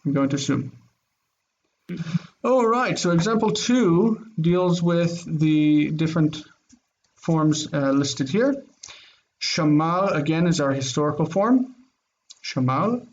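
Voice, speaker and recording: A man with a somewhat high voice teaches an online grammar class. He explains step by step in an easygoing way, with ums and restarts. The audio is dull and lo-fi, like a computer mic on a video call. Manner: casual, explains step by step with fillers.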